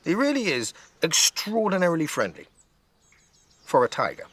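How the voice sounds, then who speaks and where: A man reading a bedtime story aloud in a gentle manner, outdoors in a garden. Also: fairly high pitch, normal speed. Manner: gentle, with lively intonation.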